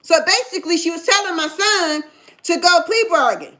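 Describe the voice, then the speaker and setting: A woman's voice: very high-pitched, normal speed, a bit bright. A middle-aged woman telling her own story in casual talk, emphatic and often checking that the listener understands. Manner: emphatic, keeps asking "you understand?". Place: in Ohio.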